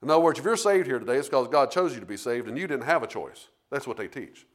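A man's voice: medium pitch, animated, quick pace. A man preaching a sermon, rambling through restarts and then building to emphatic points.

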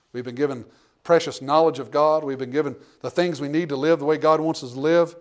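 Man preaching, pastor, raised tenor-ish voice, fervent then hushed, reads scripture aloud. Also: on the high side, fairly even intonation, brisk. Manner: swings between loud fervent preaching and hushed intimate storytelling; reads scripture aloud in King James wording. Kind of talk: sermon.

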